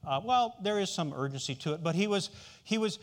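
Male preacher, fairly high voice with a lot of movement; conversational sermon delivery, checks in with listeners. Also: lively intonation, fairly quick. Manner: conversational, asks the listeners questions.

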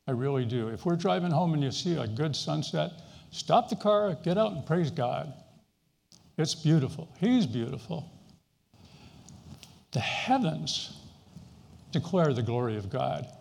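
A middle-aged man gives an earnest, conversational sermon with a gravelly edge to his somewhat raised voice. His words ring out with a long reverberating tail of a large hall. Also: a little high. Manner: earnest, conversational preaching with fillers. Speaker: pastor.

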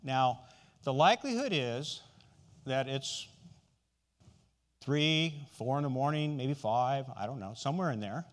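A man's voice: mid-range voice, lively intonation, measured pace, pauses often. A man preaching a sermon in a conversational way, often asking the listeners questions.

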